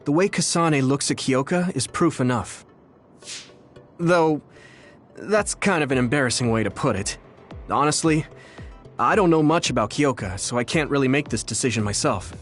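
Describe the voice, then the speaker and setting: A man's voice: medium pitch, lively intonation, moderate pace, soft background music, natural voice. An actor playing an earnest, straightforward young man who speaks sincerely and plainly in a game cutscene.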